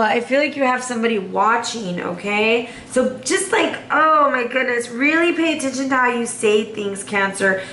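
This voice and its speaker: A woman's voice: a little high, a bit bright. Sassy chatty woman tarot reader. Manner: chatty and sassy, lots of fillers. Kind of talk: casual tarot reading to camera. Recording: echoey room with faint noise.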